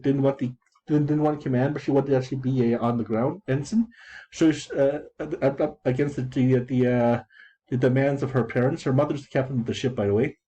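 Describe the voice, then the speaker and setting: Casual gamer guy in his thirties, dark mellow tone, meandering storyteller who stumbles over his words. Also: mid-range voice, rough recording. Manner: digressive, full of restarts and repeated words. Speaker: gamer explaining his in-game chat. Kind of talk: rambling casual commentary.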